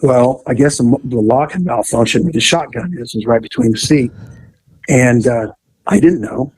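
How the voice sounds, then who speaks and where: A man telling casual police stories, animated, laughing and swearing freely. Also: mid-range voice, normal speed, husky, dry recording, low-quality recording.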